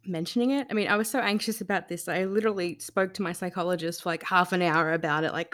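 A woman's voice: lowish voice, a little fast. A woman guest in an interview, speaking candidly and emotionally with many fillers and restarts.

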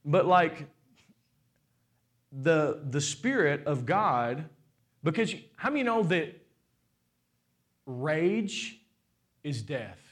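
Man in his forties, pastor, fairly high voice, call-and-response preaching, playful asides. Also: extremely slow, long pauses. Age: 40s. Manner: lively swings in pitch and loudness, playful asides. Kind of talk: sermon.

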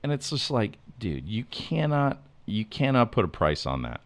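A man telling a lively hunting story in casual podcast chat, acting out what people said. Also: mid-range voice, normal speed, no room sound. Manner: animated storyteller, acts out quotes.

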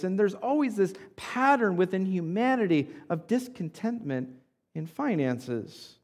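A male pastor in his thirties delivers a sermon from the pulpit. His voice sits high for a man. He talks in a conversational way, often asking "right?", and the sound carries a long, echoing reverb from the church hall. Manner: conversational preaching with frequent tag questions.

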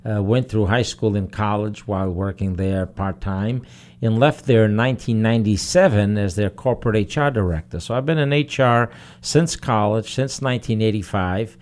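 A man's voice: lowish voice, moderate pace, a little mellow. A man in his fifties, a human resources director, speaking earnestly and steadily as a radio guest, with frequent fillers. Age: 50s. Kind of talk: radio interview. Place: radio studio.

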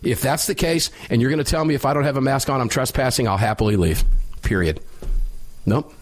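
A middle-aged man hosting a talk radio show, telling a story loudly and emphatically with a sinus infection. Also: mid-range voice, a little fast.

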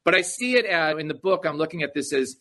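On the high side and fairly bright, this man talks at a quick, animated pace. He's an author being interviewed on a podcast, eagerly explaining in a conversational way and regularly throwing in "right?"

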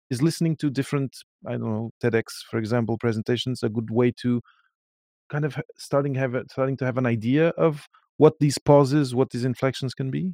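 A man hosting an interview podcast, feeling his way through questions with fillers and restarts. His voice sits at an ordinary pitch and sounds dry and close, with no room around it. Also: a little fast, gravelly, darkish tone, no echo. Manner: hesitant, many fillers and restarts. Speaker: podcast host. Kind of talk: casual interview chat.

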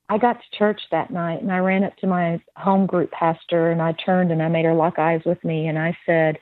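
A woman's voice: fairly low pitch, level tone, moderate pace, few pauses, no echo. A woman sharing a spoken testimony as a guest, telling her story vividly and acting out the voices of the people in it. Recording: dry tinny phone-like line.

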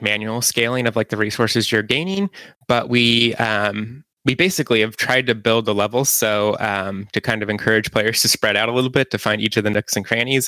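A man's voice: fairly low pitch, bright, forceful tone, no room sound. A man being interviewed as a game developer guest, explaining at length with many ums and restarts. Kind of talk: podcast interview.

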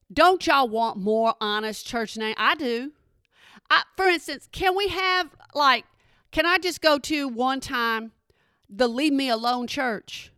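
A woman's voice: sits high, fairly bright tone, no room sound, clean studio sound. A woman from Texas with a Texan accent, telling a chatty story and asking again and again if you hear her. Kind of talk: storytelling monologue.

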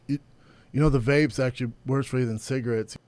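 Deadpan storyteller, a man with a mid-range voice, acting out quotes. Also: medium pitch, fast. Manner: deadpan, quotes others in dialogue. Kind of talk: anecdote telling.

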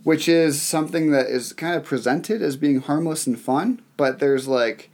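A young adult man preaching a sermon, telling a story in an animated way with fillers and restarts. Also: a little high, normal speed. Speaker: pastor.

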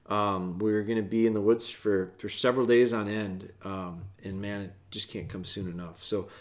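A man hosting a casual podcast from home, talking earnestly and rambling with restarts, often dropping to a soft, quiet voice. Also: fairly low pitch, fairly even intonation, normal speed. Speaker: podcast host, dog trainer. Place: home, with dogs in the room.

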